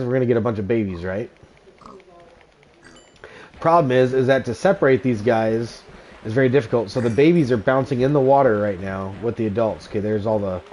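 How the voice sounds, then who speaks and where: A man hosting a game livestream in an easygoing, chatty way, joking with his viewers and often laughing between thoughts. His voice sits at an ordinary middle pitch, and he explains what he is building as he talks. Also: darkish tone, slight background noise. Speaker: streamer. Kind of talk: casual livestream chat and gameplay commentary.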